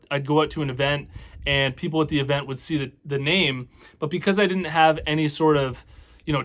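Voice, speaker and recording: A man's voice: a little high, fairly bright tone. A Canadian man with a Canadian accent hosting a casual business advice vlog as a clothing brand owner, talking openly and earnestly with frequent "you know" fillers.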